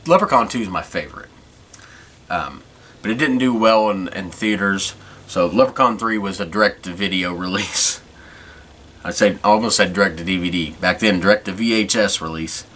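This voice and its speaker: A man's voice: low-pitched, moderate pace, sharp tone. A man hosting a podcast, chatting casually and rambling as he goes. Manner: rambling, many restarts. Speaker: podcast host. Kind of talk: casual chat.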